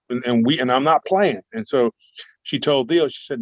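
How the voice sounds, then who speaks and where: A man telling a long personal story as a guest in an interview, animated and rambling. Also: mid-range voice, fairly quick, no room sound. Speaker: guest cryptid researcher. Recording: dull dry remote recording.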